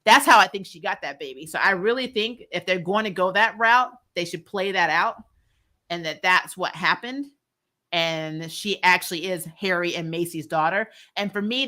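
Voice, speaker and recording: Bright-voiced woman hosting a live stream. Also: medium pitch. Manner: chatty, laughs often, quick asides. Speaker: YouTube host discussing a TV series. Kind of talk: casual live-stream chat, reading viewer comments.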